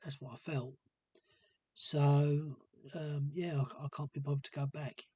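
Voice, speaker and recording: A man talking casually to camera in a hesitant, rambling and subdued way, with a gravelly, husky voice. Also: a little high, little pitch movement, a little slow, mellow, no echo. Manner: hesitant and rambling, many ums. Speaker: vlogger. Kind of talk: casual personal monologue.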